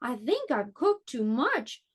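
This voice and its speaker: A woman's voice: high voice, big pitch swings, slow pace, breathy edge, full character voice. A woman voicing a flustered, wailing storybook queen. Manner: fretful and wailing.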